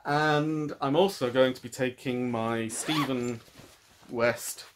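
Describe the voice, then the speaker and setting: A man's voice: medium pitch, steady tone, takes it slowly, noisy background. A British man hosting a knitting podcast, talking in a thoughtful, rambling way with frequent restarts. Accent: British English. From United Kingdom. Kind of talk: casual chat.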